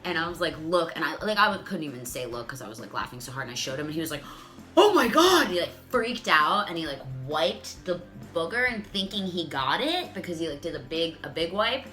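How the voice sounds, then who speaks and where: Profane, animated woman telling a story. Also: deep voice, quick pace, hardly any pauses, faint music behind. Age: 30s. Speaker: vlogger. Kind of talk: comedic storytime monologue.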